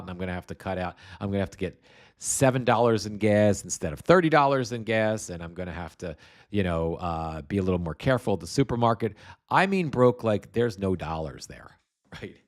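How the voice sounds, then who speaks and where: Man, lowish pitch, rambling, blunt, swears constantly, political livestream host. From United States. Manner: rambling, blunt and heavily profane. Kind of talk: profane political commentary livestream.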